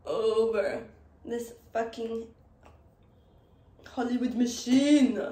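A woman's voice: a little high, fairly even intonation, slow, pauses often, dark tone. A woman chatting casually through her makeup routine, swearing a lot, laughing often and rambling. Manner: profane, giggly and rambling. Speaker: beauty vlogger. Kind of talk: casual get-ready-with-me chat. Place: indoors while doing makeup. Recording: roomy with faint ambience.

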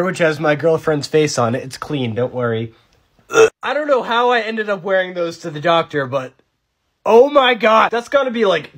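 A man in his twenties giving a casual comedic monologue, sarcastic and rambling, jumping between loud outbursts and muttered asides. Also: fairly high pitch. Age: 20s. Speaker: comedy creator.

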